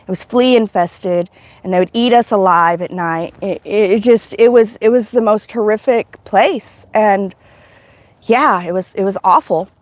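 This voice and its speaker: A woman's voice: mid-range voice, unhurried, dry recording. A woman hosting a livestream, telling a spiritual testimony in an emotional, rambling way, full of restarts. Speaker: livestream host.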